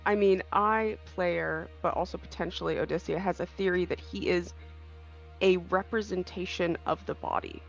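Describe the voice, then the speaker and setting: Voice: mid-range voice, fairly even intonation, moderate pace, vocal fry, soft background music. A tabletop game player thinking aloud about theories and explaining a character's actions in a rambling, casual way. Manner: speculative, rambling. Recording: dull lo-fi mic.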